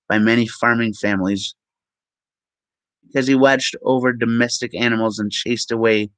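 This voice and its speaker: Slow, halting man reading aloud. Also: fairly low pitch, fairly bright tone, no room sound, rough recording. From Minnesota. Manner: halting, with ums and self-corrections. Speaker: vlogger. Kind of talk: reading aloud from web pages.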